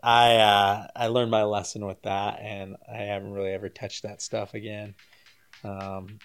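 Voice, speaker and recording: A man with a clear, resonant voice and little pitch movement tells a casual story as a guest at normal speed. Even so, he jumps higher and louder when quoting people, laughs along the way, and grows soft and low as he finishes.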